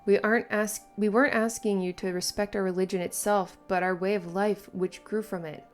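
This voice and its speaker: A woman's voice: mid-range voice, steady tone, a little fast, faint music behind, natural voice. A woman reading aloud the lines of a male tribal leader giving an earnest speech to a crowd. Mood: pleading.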